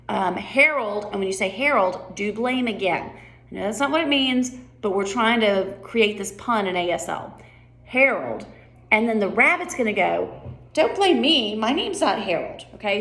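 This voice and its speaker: A woman's voice: medium pitch, creaky, a bit bright. A woman directing a play rehearsal in a casual way, often checking in with "right?". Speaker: drama director. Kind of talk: rehearsal coaching.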